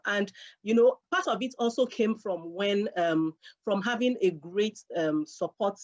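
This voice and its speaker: A woman's voice: medium pitch, a little slow. A middle-aged woman talking earnestly in a casual chat, repeating key phrases for emphasis. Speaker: guest speaker. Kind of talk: casual conversational advice. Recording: dull lo-fi sound.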